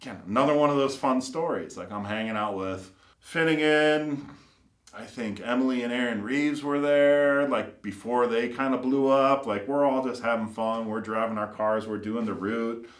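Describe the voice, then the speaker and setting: A man's voice: mid-range voice, moderate pace. A man who builds custom cars tells casual, rambling anecdotes full of fillers and acted-out quotes. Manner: rambling, filler-heavy, acts out quoted voices. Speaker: custom car builder and shop owner. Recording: roomy echo.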